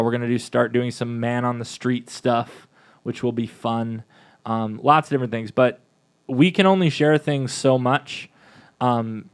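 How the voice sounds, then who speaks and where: A man's voice: medium pitch, clear, resonant tone. A man co-hosting a parish podcast, chatting casually in a rambling way with many fillers and restarts. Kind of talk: casual chat.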